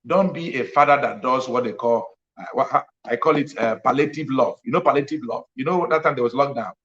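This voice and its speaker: A man preaching a sermon to parents, pressing home each point by saying it twice. His voice sits at an ordinary middle pitch. The recording is a little dull and lo-fi. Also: a little fast, fairly bright tone. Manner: emphatic, repeats key lines. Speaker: pastor.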